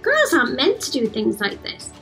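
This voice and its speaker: A woman voicing a kindly seafaring chieftain father who reasons gently with his daughter in a children's story. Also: sits high, wildly swooping pitch, normal speed, soft background music, full character voice. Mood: fond reasoning.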